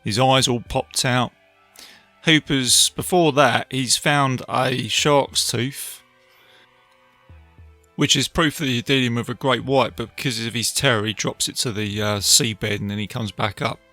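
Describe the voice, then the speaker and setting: A man hosting a podcast, casually retelling a film with animated asides to his listeners. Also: medium pitch, a little slow, dry recording, faint music behind. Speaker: podcast host reviewing a film. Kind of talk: casual film review talk.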